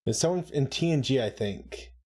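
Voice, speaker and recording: A man's voice: medium pitch, animated, moderate pace, a little mellow. A man co-hosting a live watch-along, chatting casually, laughing often and making playful asides. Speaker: co-host of a show watch-along.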